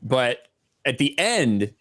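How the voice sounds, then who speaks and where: A man's voice: mid-range voice, big pitch swings, slow, a bit bright, no echo, studio quality. A man co-hosting a casual video call chat, explaining things in a plain way. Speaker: podcast co-host.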